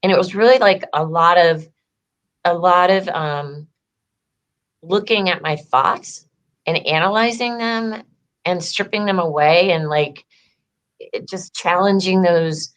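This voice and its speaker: A woman with a fairly low voice speaks a little slowly and pauses often. She's an empowerment coach for women, sharing her story in a relaxed interview, chatty and full of "like" fillers, acting out the lines she quotes.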